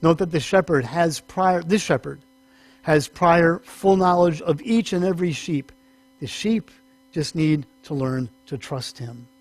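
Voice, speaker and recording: A male pastor teaching a sermon in a chatty, storytelling way, with humorous asides and quick acted-out voices in his anecdotes. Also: fairly high pitch. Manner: animated, acts out small voices in stories.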